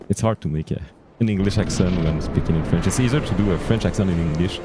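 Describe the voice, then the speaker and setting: A man's voice: deep voice, quick pace, mellow, slight background noise. A man casually commenting while he plays a game on a live stream, muttering and cursing mildly at the game. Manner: mutters and swears mildly at the game, switches into French. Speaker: gaming streamer.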